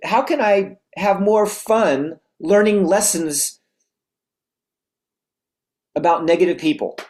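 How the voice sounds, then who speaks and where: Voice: mid-range voice, slow. Upbeat motivational coach talking to a crowd taking notes, keeps firing off questions, restarts lines a lot. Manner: energetic, asks repeated rhetorical questions; restarts phrases often. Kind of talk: motivational talk to a note-taking audience.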